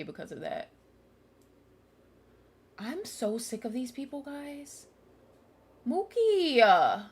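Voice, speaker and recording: A woman's voice: a little high, husky. A young woman streamer commenting live on a game, ranting angrily and swearing at the characters. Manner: angry, profane, ranting at characters.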